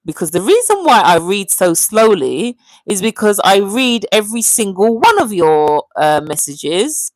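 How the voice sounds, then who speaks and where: A woman chats on her livestream and reads viewer comments aloud. She is animated and keeps calling out viewers by name. Her voice sits at a middle pitch, and the sound is dry and close. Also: a little slow, dry recording, poor audio. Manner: chatty and animated, often calling out viewers' names. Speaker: livestream host.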